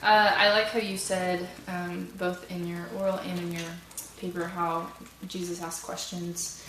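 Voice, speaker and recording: A woman's voice: on the low side, flat delivery, measured pace, a bit bright. A woman on a thesis panel asking the student rambling, thoughtful questions with many ums, speaking into a microphone handed around a school room. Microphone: passed microphone. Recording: roomy, distant, noisy room sound.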